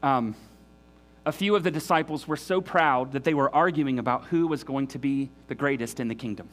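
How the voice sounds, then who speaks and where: A man's voice: mid-range voice, moderate pace, fairly bright tone, slight background noise. A man preaching a sermon in an earnest, emphatic way, often restarting his sentences. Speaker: pastor.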